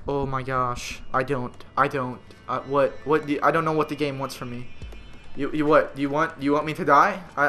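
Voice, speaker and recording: A young man commenting on his own gameplay in an exasperated, frustrated rant with sudden loud outbursts, talking into a gaming headset at home. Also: a little high. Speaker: gamer.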